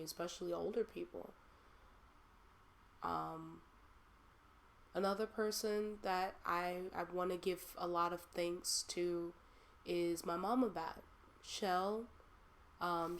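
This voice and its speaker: Young woman, host, low-pitched, heartfelt, rambling, lots of fillers. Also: a little hiss or hum. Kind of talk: personal monologue.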